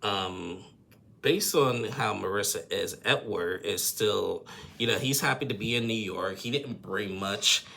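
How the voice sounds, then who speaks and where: A man's voice: fairly low pitch, measured pace, creaky, pushed and bright. A man giving a rambling, opinionated casual recap of a TV episode, often tacking on "and stuff and everything".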